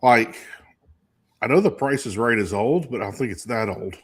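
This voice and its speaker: A man's voice: on the low side, expressive, moderate pace, husky. Rambling middle-aged man telling stories. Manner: rambling storyteller with many restarts and fillers. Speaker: co-host. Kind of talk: casual chat.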